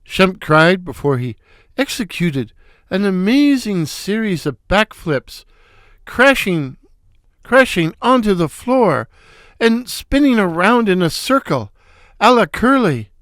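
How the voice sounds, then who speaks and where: Guy reading a funny story, slow and wry, smooth clear voice, higher pitch. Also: very animated, a bit bright, no room sound, studio quality. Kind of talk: comic story narration.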